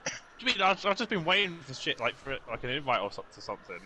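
Bright-voiced young man rambling mid-game. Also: a little high, very animated, fast, slight background noise, low-quality recording. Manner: rambling, filler-heavy storytelling. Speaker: gamer. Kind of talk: casual gaming chat.

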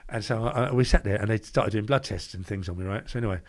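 An older man with a London accent telling lively stories as an interview guest, acting out the voices of people he quotes and laughing at his own tales. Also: fairly low pitch, quick pace. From England. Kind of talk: anecdotal storytelling.

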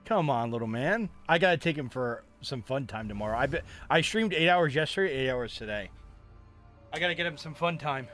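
A man's voice: medium pitch, expressive, fairly quick, a bit bright, soft background music. A young man casually commentating his own game live as a streamer, chatty and joking with his chat. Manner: casual, chatty, playfully mock-angry trash talk.

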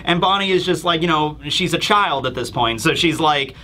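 A high, bright male voice recaps a comic chapter in loose, casual chat. He keeps slipping into loud acted voices for the characters, shouting some lines. He talks with animated energy throughout. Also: slight background noise. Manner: retells scenes, acting out characters in quick voices; animated, laughing, loud bursts. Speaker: manga review host.

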